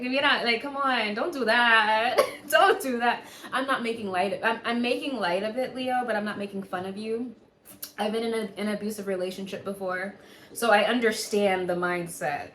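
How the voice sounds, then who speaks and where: A woman's voice: mid-range voice, fairly bright tone, echoey room, slight background noise. A woman giving a casual, candid astrology reading, swearing freely and laughing often. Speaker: tarot reader.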